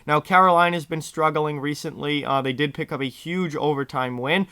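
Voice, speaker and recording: Hoarse male host, fairly high-pitched and bright, chatty casual picks talk to camera. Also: normal speed, dry recording. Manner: chatty and direct to viewers. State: hoarse from yelling. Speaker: sports picks show host.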